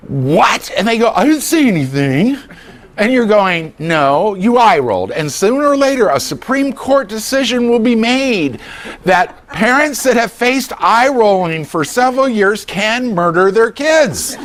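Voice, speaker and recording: An older man giving a humorous talk on dementia care to a class, joking and acting out voices of family members. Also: sits high. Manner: animated, jokey, acts out voices.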